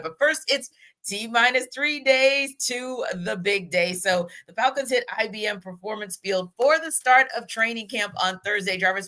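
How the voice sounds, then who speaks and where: A woman hosting a sports talk podcast, upbeat and chatty and quick to laugh. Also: mid-range voice, pushed and bright. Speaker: podcast host.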